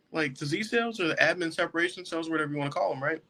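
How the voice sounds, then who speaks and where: A man's voice: a little high, fast, few pauses, bright, forceful tone. A young man, a jail deputy and podcast guest, telling a story casually and laughing often as he goes. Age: young adult.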